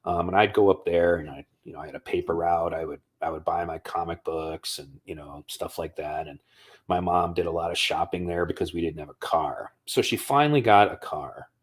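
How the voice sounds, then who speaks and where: A man with a fairly low voice, talking loosely on a livestream. He tells stories in a rambling, conversational way and swears freely. He comes from the United States. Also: husky. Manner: storytelling, profane, conversational. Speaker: streamer. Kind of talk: casual livestream monologue.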